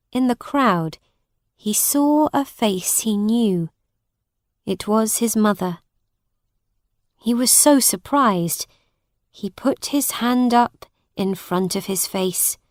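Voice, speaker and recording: Woman narrator for a learners' audiobook: very slow, clear and dry, close-miked. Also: medium pitch, dry recording. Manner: deliberate, expressive reading with acted voices.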